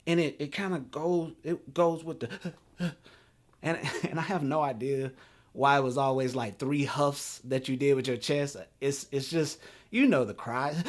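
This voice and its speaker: Man, thirties, talk host, animated storyteller, chuckles between lines. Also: medium pitch, normal speed. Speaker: podcast host.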